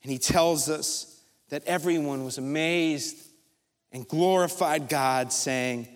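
A pastor with a notably high voice tells a story from the pulpit, building it up in vivid detail with dramatic pauses. His words carry a long reverb from the large church hall around him. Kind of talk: sermon.

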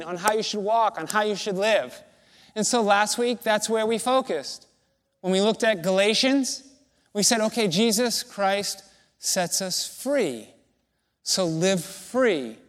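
Slow, deliberate high-voiced male preacher. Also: a bit bright. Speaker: pastor. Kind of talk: sermon.

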